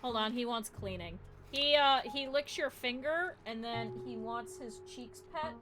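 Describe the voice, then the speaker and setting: A woman's voice: a little high, a little slow. A woman live-streaming from home, chatting and giggling with her viewers and her cat. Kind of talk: casual live-stream chat. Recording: game music in the background. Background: game music.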